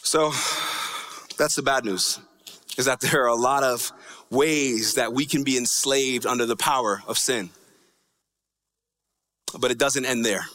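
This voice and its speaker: A man's voice: mid-range voice, measured pace, long pauses, sharp tone. A man preaching a sermon as pastor, talking conversationally with frequent "right?" asides and a lilting, sing-song cadence on key lines. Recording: long reverb of a large hall.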